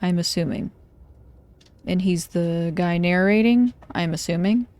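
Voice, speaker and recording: A woman's voice: fairly low pitch, unhurried, a little mellow, smooth. A woman streamer giving casual, wry commentary as she plays, thinking aloud.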